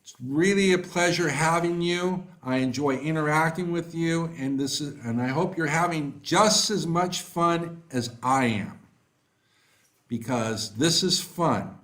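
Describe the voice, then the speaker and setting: A man teaching a live online class. He reads out student answers and praises them by name, talking slowly with many fillers. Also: fairly high pitch, a bit bright. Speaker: online English tutor. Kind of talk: live online class, reading chat replies.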